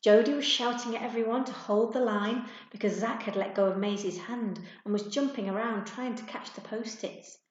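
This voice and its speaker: A woman reading a children's storybook aloud to pupils, gentle and expressive. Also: on the high side, normal speed, hardly any pauses. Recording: echoey room, dull sound.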